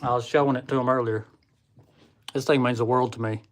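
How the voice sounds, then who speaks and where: On a livestream, a young Southern American man chats casually with viewers, addressing them as y'all in a folksy manner. His pitch is medium, his intonation fairly even, and he speaks fairly quickly through a computer or phone microphone.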